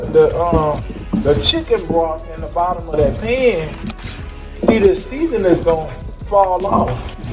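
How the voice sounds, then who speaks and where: A man, talking casually to viewers while cooking, joking and apologizing often. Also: sits high. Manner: chatty, apologetic, addresses viewers as y'all. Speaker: home cook vlogger. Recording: echoey room with music behind.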